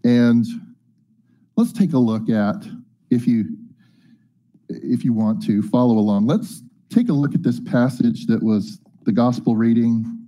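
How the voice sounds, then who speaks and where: A man's voice: mid-range voice, fairly even intonation, unhurried, long pauses, warm tone. A man preaching a casual, folksy sermon, chatty and joking as he reads and explains scripture. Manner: folksy, chatty, jokes and asides.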